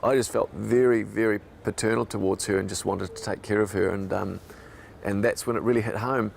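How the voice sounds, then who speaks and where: NZ male broadcaster, gravelly and fairly low, reflective interview recollection. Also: fairly even intonation, a little fast, slight background noise. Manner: reflective, emotional storytelling. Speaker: radio broadcaster.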